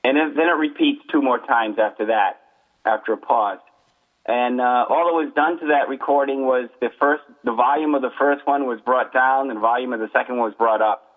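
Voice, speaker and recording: A man in a casual radio chat, calmly explaining ghost recordings in a plain-spoken way. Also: medium pitch, a little fast. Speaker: paranormal investigator guest. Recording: tinny phone-line radio audio.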